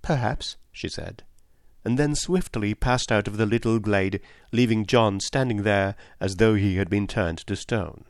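A man narrating a novel in the first person in a steady, unhurried reading voice. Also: fairly low pitch, no room sound, studio quality. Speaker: audiobook narrator.

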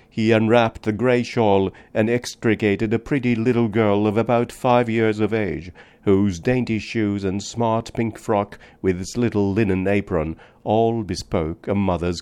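A man narrating a book in a measured, deliberate reading. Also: lowish voice, a little mellow, clear, resonant tone. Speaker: audiobook narrator. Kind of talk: scripted narration.

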